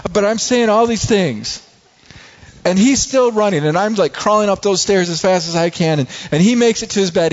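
Earnest preaching pastor, man. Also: a little high. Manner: earnest, personal storytelling with many restarts. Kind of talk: sermon. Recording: slightly dull lo-fi recording.

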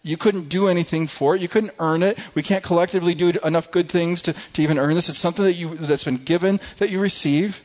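A man's voice: a little high, fairly even intonation, quick pace, hardly any pauses. A man preaching a sermon with emphasis, often repeating words as he restarts. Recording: muffled lo-fi recording.

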